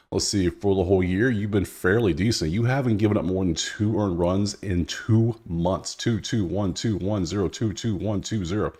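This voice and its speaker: A man hosting a sports betting video, talking casually and thinking out loud as he goes through the numbers, now and then addressing the players directly. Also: low-pitched. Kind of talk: casual solo commentary.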